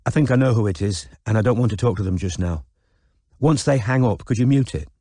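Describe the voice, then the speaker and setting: A man voicing a tense young woman who turns fierce, speaking clipped and shouting in an audiobook. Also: on the low side, a little fast, no echo, clean studio sound, lightly acted. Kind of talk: audiobook character voice.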